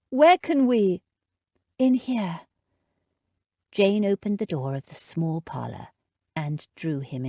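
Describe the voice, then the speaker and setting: A woman narrating a romance audiobook with a lively, expressive voice that rises and falls a great deal. Her reading is measured and unhurried, recorded close and dry with no room echo. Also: lowish voice. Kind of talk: scripted narration.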